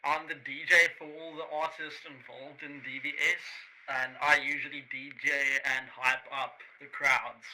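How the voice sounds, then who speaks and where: A man's voice: on the high side, flat delivery, moderate pace, few pauses, sharp tone, rough recording. A man, a DJ, introducing himself in brash hype bursts. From South Africa. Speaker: DJ guest. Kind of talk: casual chat.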